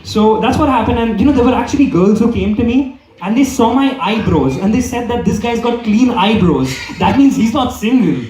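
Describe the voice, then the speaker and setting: A young man doing stand-up in a comedy club hall, his voice high for a man and swinging up and down with lively energy. He rambles through his set and keeps checking in with the crowd. The mic picks him up from a distance, so he sounds roomy. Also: moderate pace. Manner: rambling, repeats "okay?" often. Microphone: handheld microphone.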